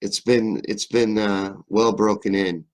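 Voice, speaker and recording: Deep-voiced man with a faint Southern drawl. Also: steady tone, a little slow, a little mellow. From Kentucky, USA. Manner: rambling, joking, swears freely. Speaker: livestream host. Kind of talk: casual live-stream chat reading comments.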